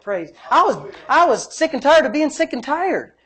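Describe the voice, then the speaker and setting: A man's voice: extremely high pitch, sing-song, moderate pace, fairly bright tone. A male pastor preaching a sermon in an emphatic, repetitive way, often breaking in with praise. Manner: emphatic, repetitive, frequent "praise God" interjections.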